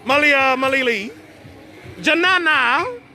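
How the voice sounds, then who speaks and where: A man's voice: extremely high pitch, lively intonation, slow, sharp tone. A man live-streaming a family party outdoors, chatting to the camera and often stammering and repeating words. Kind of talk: casual live-stream commentary. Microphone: handheld phone camera. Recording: noisy outdoor phone stream with crowd.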